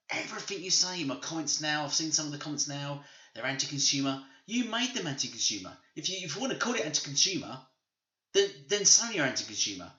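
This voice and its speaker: A man's voice: medium pitch, very animated, brisk, sharp tone. A man hosting a gaming channel, ranting emphatically and repeating his points in opinionated commentary. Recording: roomy, slightly dull home recording.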